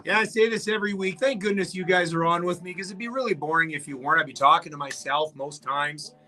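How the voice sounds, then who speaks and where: A man with a high, bright voice runs a live behind-the-scenes stream, bantering cheekily with commenters. His talk is loose and joking, with faint music playing underneath. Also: fast. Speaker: radio host reading viewer comments on a livestream. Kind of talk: casual live-stream chat with viewers.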